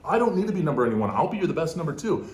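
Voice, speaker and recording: A man's voice: fairly high pitch, rapid-fire, echoey room. A man telling a business story with emphasis, acting out the dialogue and stopping often to check in with "okay?". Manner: animated, emphatic, acts out dialogue, frequent "okay?". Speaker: guest entrepreneur.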